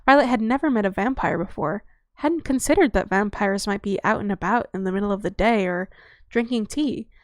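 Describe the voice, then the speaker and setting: Brief: woman story reader, relaxed narration with crude asides; mid voice, dry mic. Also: mid-range voice, brisk, no echo. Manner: fluid narration with profane offhand asides. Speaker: audiobook reader. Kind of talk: reading fiction aloud.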